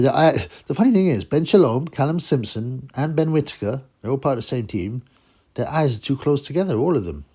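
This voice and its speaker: A man's voice: mid-range voice, a little mellow. A man hosting his own boxing channel, rambling and mocking in casual commentary.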